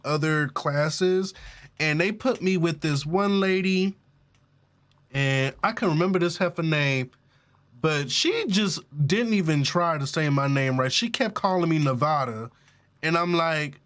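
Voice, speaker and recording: Male gaming streamer, slightly high voice, chatty, joking, swears freely, casual let's-play talk. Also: a bit bright.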